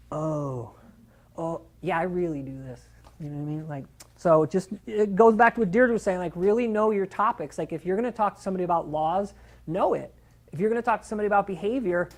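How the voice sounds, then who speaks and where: A middle-aged man, a dog trainer, giving a casual, animated seminar talk, acting out quoted voices and swearing now and then for emphasis. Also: high voice.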